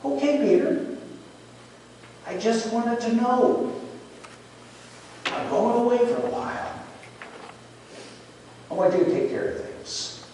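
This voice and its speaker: A preacher voicing an earnest, pleading teacher. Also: male voice, extremely high pitch, normal speed, darkish tone, a little hiss or hum, voice pushed up. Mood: gentle. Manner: intense, pleading questions. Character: earnest adult male teacher, pleading and searching. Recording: echoey hall, from far off.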